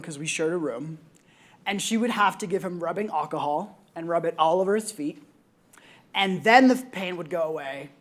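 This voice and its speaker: A young adult woman on a conference panel, earnestly telling a personal story with frequent ums and reflective pauses. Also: lowish voice.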